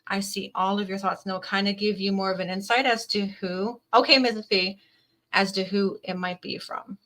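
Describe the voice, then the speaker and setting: Woman, tarot reader, bright voice, earnest and emotional, casual talk to camera. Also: medium pitch, steady tone, moderate pace, low-quality recording. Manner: earnest, emotional, with frequent "definitely" and "like". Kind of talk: casual spiritual reading to camera, reading card messages aloud.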